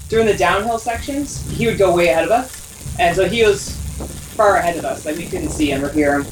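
A woman's voice: lowish voice, a little fast, roomy sound, far from the mic, noisy background. A woman telling a story in casual interview talk, with plenty of fillers. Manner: chatty, with many fillers.

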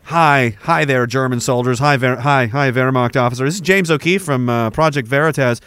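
A man's voice: mid-range voice, normal speed, fairly bright tone, clean tone, pitched below the performer's own voice, lightly acted. A man doing an impression of a dogged male reporter who pesters soldiers with questions and stammers through restarts. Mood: mock earnest.

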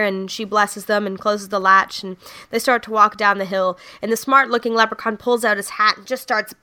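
Joke-telling chat comes from a young podcast host who laughs a lot and fills her speech with fillers. Her medium-pitched voice stays fairly even in intonation, moving briskly with a sharp, clean tone.

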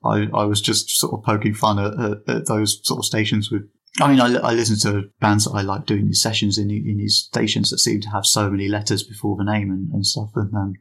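Gravelly low-voiced British man. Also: little pitch movement, a little fast, a bit bright. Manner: hesitant, many restarts, thoughtful. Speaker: comedy podcaster, guest. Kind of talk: casual interview chat.

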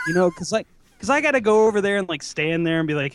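A man's voice: sits high, lively intonation, racing. A man co-hosting a podcast, rambling through crude, joking anecdotes in casual banter. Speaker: podcast co-host.

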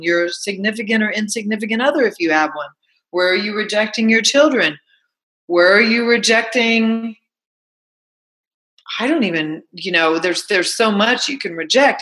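A woman giving a chatty motivational talk, asking listeners rhetorical questions and telling animated stories. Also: medium pitch, poor audio. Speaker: self-help talk host. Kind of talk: motivational monologue.

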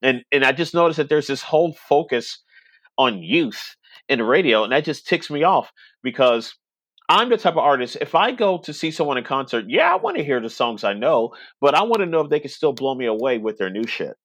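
A man's voice: mid-range voice, very animated, brisk, fairly bright tone, no room sound. A middle-aged man chatting casually in a podcast conversation, rambling and laughing often. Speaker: web radio station owner, podcast guest.

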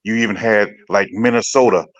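A man from Illinois chatting on a podcast in a measured, matter-of-fact way. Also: on the low side, steady tone, lo-fi sound. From Peoria, Illinois. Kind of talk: casual podcast chat.

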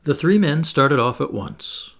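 A man reading a classic novel aloud as an audiobook narrator, in a measured storytelling manner. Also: fairly high pitch, sing-song, gravelly, a bit bright. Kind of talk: scripted narration.

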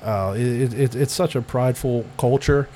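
A man's voice: medium pitch, moderate pace, dark tone, slight background noise. A middle-aged American man chatting as an interview guest, rambling with lots of fillers and restarts and laughing often. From United States. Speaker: guest, Italian-American club president. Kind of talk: casual interview chat.

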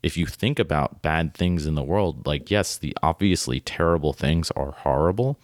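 A man's voice: extremely low pitch, moderate pace, no echo, clean studio sound. A man hosting a podcast, talking through a short story and reading passages aloud in an eager, rambling way, often asking "right?". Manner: enthusiastic, filler-heavy, often tags "right?". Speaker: podcast host. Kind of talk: casual literary discussion, reading quotes aloud.

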